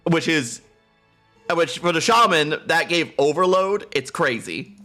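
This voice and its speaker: A man's voice: on the high side, lively intonation, unhurried, sharp tone, faint music behind. A man live streaming a game from his room on a close desk mic, chatting playfully and laughing often. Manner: giggly, playful, keeps breaking into laughter. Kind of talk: casual live-stream chat. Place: home room.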